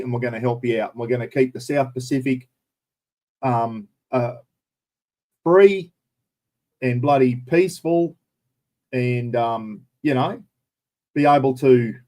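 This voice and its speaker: Hosting a relaxed live stream, a middle-aged Australian man fields viewer questions in a blunt, opinionated way, cursing now and then. His voice is medium in pitch with a darkish tone.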